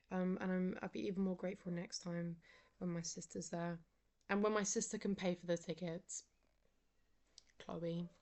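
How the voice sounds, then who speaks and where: A woman's voice: lowish voice, creaky, a little mellow. A young woman, chatting casually in a rambling, sleepy way and often dropping into a whisper. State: sleepy, yawning. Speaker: vlogger. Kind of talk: casual chat.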